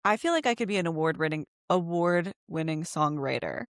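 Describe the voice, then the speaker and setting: Brief: female podcast co-host, lowish voice, witty teasing banter, dry studio recording. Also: lively intonation, no echo. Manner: quick-witted, teasing. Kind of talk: casual chat.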